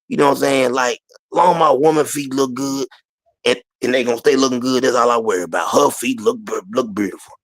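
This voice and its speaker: Husky guy chatting casual, drawly, says stuff over and over. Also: mid-range voice, a little fast. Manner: drawling, emphatic, repeats himself. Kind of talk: casual chat.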